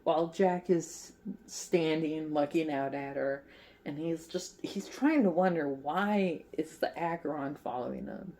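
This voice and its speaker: A woman's voice: low-pitched, unhurried, mellow. A woman hosting her crochet channel, casually retelling a favorite movie in a chatty, rambling way with lots of fillers, acting out the characters' lines. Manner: playful, acts out characters' lines.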